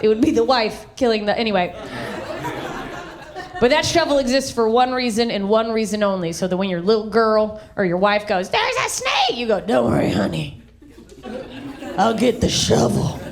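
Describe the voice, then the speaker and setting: A woman performing a high-energy stand-up comedy set on stage, acting out voices and shouting her punchlines. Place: comedy stage in front of a live audience. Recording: live stage recording with crowd. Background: audience laughter.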